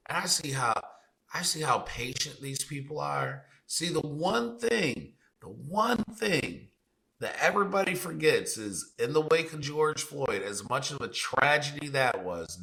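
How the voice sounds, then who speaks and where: A man co-hosting a podcast delivers heated commentary in a blunt, profane manner. He keeps firing rhetorical questions. His voice is bright and forward. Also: on the high side, vocal fry, poor audio. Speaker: podcast co-host.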